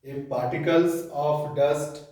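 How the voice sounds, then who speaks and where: Slow-talking Indian English teacher, echoey. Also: male voice, a little high, steady tone, noisy background. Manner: slow, reads aloud from a textbook with pauses and fillers. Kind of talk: classroom lecture. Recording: echoey room from far off.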